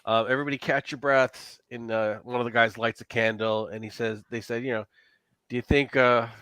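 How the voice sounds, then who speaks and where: Bright-voiced man running a tabletop game. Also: mid-range voice, level tone, fairly quick, dry recording. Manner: loose, hedging narration. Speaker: game master.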